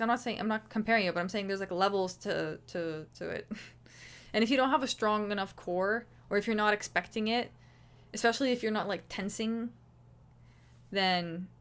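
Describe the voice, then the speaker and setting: A woman's voice: medium pitch, a little fast. Rambling woman streamer chatting casually. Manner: rambling, swears, many fillers and restarts. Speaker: livestream host. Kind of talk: casual livestream commentary.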